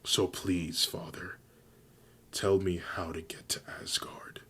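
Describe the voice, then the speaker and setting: A man voicing a determined, protective young female shadow wolf in an earnest, flat reading. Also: low-pitched, slow, husky, whispered, full character voice.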